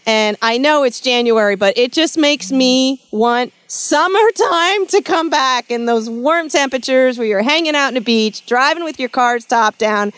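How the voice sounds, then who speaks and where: A chatty woman hosting a radio interview, giggling her way through the questions. Her voice is a little high and sits close to a dry mic. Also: a bit bright, clear, resonant tone, dry recording. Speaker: radio show host.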